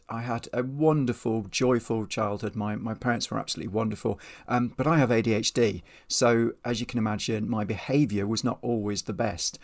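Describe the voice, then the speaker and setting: A man's voice: medium pitch, vocal fry. A man in his fifties, a behaviour trainer telling stories as an interview guest in a chatty, self-deprecating way. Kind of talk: casual storytelling in an interview.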